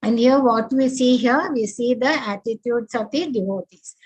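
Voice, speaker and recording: A woman gives an online scripture lesson over a video call. Her voice sits a little high and has a husky edge. She talks at an easy pace, pausing often on fillers while she explains her slides. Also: a little mellow, low-quality recording. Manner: unhurried, many fillers, walks through slides. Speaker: spiritual teacher.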